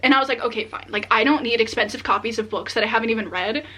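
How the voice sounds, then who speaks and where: A young adult woman vlogging casually as she unboxes books, excitable and chatty with many filler words. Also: a little high, rapid-fire. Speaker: book vlogger.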